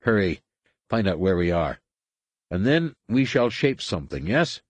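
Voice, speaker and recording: A man voicing a mad, crippled alien master who swings between cold calm and shrill rage, in a husky, pitched-up voice. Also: a little slow, no echo. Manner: erratic, imperious, shifting between calm and screeching.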